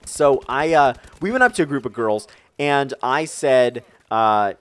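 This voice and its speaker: A man's voice: medium pitch, a little slow, clean tone, dry recording. A young man telling a casual storytime vlog, rambling with lots of fillers and acting out the story. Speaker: vlogger.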